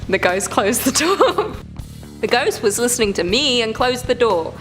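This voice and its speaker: A woman's voice: a little high, very animated, unhurried, a bit bright, faint music behind. Chatty woman reacting to scary clips. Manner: chatty, swears, reacts with gasps and jokes. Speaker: reaction video host. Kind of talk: casual reaction commentary.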